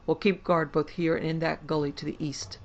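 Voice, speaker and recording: A woman's voice: low-pitched, little pitch movement, brisk, dull audio, a little hiss or hum. A woman voicing a stern male Union officer who gives curt, commanding orders.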